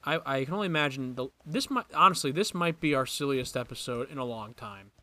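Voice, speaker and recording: A man's voice: mid-range voice, lively intonation, brisk, pushed and bright. A young man co-hosting a casual podcast, joking loosely and swearing freely. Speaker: podcast co-host. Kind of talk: casual chat.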